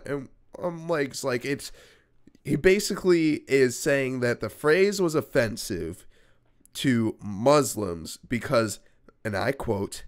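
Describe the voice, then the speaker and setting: Lively young man swearing through a story. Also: medium pitch, measured pace. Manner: animated, profane, conversational. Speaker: YouTuber telling a personal story. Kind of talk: casual storytelling vlog.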